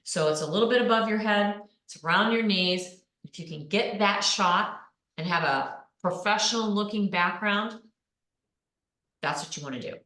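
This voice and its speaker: A woman's voice: mid-range voice, moderate pace, fairly bright tone. A woman coaching people on presenting online, speaking with energy and punching out keywords. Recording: echoey room.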